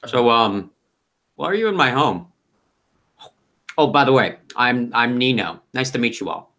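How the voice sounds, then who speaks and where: A man's voice: medium pitch, animated, measured pace, bright, forceful tone. A man voicing an easygoing young fey who lives alone in a tower, rambling and hesitant with lots of fillers. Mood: laid-back. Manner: rambling, hesitant, laid-back.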